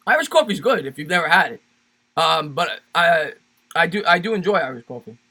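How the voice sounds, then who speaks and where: A man hosts a casual sports livestream, reading viewer comments, chatting loosely, and repeating his phrases. His voice is fairly high, sing-song, and sharp, and he talks fairly quickly.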